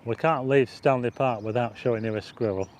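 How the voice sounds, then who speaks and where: A man's voice: mid-range voice, steady tone, a little fast, darkish tone, slight background noise. Chatty man livestreaming outdoors. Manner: chatty and rambling, greets viewers and reads out chat. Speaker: livestream host. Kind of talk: live walking vlog, chatting to viewers. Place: outdoor city park. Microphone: plug-in mic on a phone with a stabilizer.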